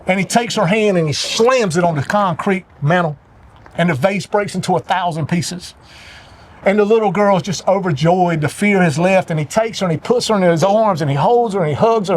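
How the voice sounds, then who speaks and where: High-voiced man preaching a parable. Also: a little hiss or hum. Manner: earnest, preacherly storytelling. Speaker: show regular giving a motivational talk. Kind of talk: parable-style motivational talk.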